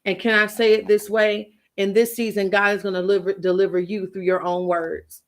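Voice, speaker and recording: Speaking a little fast in a flat, mid-range voice, a woman coaches writers through a motivational talk about faith. She leans on emphasis and repetition, much as a preacher would while telling a story.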